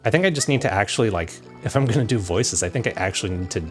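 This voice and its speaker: A man's voice: lowish voice, animated, rapid-fire, over music. A young man chatting casually and affectionately while streaming a video game, rambling between topics.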